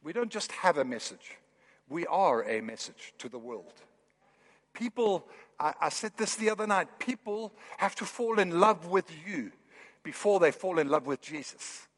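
A man preaching a sermon in a church, with animated, building emphasis. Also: sits high, moderate pace, in a large hall. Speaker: pastor. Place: church hall.

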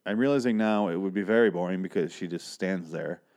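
Dude rambling on his podcast, kinda low voice, swears a lot, does little voices. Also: a little fast, darkish tone. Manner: rambling, profane, acts out characters. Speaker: podcast host. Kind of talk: casual solo podcast chat.

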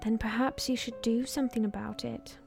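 A woman's voice: fairly high pitch, steady tone, fairly quick, gravelly, music in the background. A woman playing a cold, lecturing woman. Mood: scornful. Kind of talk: audio drama acting.

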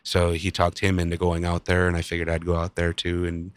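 Man, casual chat, low pitch, dry close sound, hesitant fillers, dry humor. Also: completely flat delivery, brisk, no room sound.

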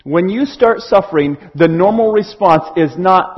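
A man preaching a sermon in an animated way, acting out little scenes as he explains. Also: high voice, measured pace, dull audio.

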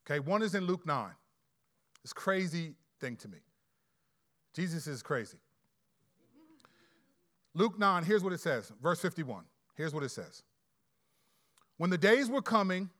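A man preaching a sermon in a conversational, animated way with quick asides. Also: sits high. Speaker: pastor.

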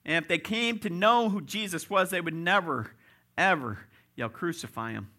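Bright-voiced pastor preaching emphatically. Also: male voice, high-pitched, very animated, moderate pace. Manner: rising to loud emphatic peaks; direct, addresses congregation as folks. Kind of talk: sermon.

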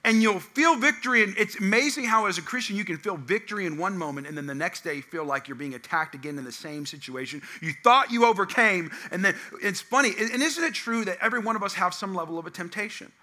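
Bright, high-voiced man preaching. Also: expressive, fast, hardly any pauses. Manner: storytelling, swinging from loud acted quotes to hushed tones. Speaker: pastor. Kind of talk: sermon.

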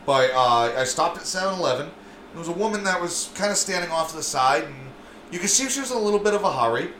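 Bright-voiced guy swapping stories on a podcast, cusses a lot, echoey room with faint hiss. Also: fairly high pitch, fast talker. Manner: animated storyteller, swears often, acts out sounds. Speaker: podcast co-host. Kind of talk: casual chat.

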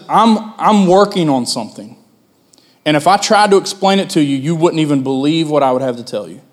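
A man in his thirties preaching as a pastor, his voice sitting a little high for a man. He talks to the congregation in a conversational way and climbs into loud, pleading outbursts as he acts out a prophet's complaint. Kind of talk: sermon.

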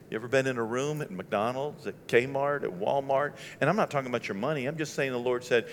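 A middle-aged man from Maine preaching in a conversational, animated storytelling style, acting out the dialogue as he goes. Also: medium pitch, brisk, hardly any pauses, in a large hall, a little hiss or hum. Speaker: pastor. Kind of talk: storytelling sermon.

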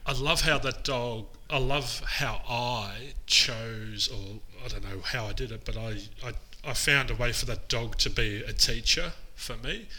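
A man's voice: mid-range voice, a little slow, hardly any pauses, sharp tone, rough recording. A man co-hosting a podcast, talking openly and reflectively in casual chat. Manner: reflective, open, self-searching. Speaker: podcast co-host.

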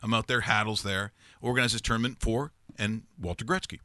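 A man's voice: fairly low pitch, steady tone, fairly quick, sharp tone, no echo. A man hosting a live sports talk show, chatting casually and telling rambling stories with many restarts.

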